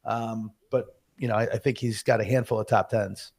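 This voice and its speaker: A man co-hosting a casual sports podcast, talking through golf bets in a relaxed, chatty way. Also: fairly low pitch, normal speed. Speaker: podcast co-host. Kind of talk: casual sports betting chat.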